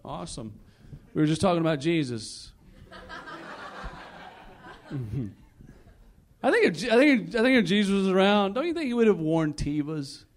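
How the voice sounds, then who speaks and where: A man's voice: sits high, big pitch swings, measured pace, pauses often, slight background noise. A man hosting acts at a small comedy club, rallying the crowd with upbeat banter before introducing the next comedian. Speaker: comedy open-mic host. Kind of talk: emcee patter between acts.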